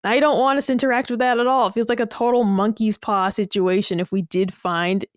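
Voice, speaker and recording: A woman chatting casually on a podcast, blunt and animated, swearing freely. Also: fairly high pitch, brisk, dry recording, clean studio sound. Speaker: podcast guest.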